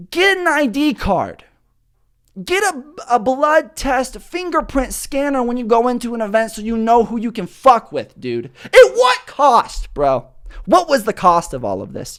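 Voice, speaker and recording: A young man hosting a podcast, telling rambling comedic stories in a profane, animated way. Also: high-pitched. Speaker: podcast host.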